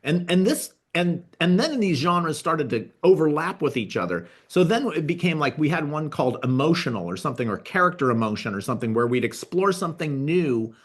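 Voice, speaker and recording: A man's voice: a little high, very animated, fairly quick, hardly any pauses, husky. Rambling man reminiscing casually. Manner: rambling, with many restarts and fillers. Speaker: guest, TV writer and producer.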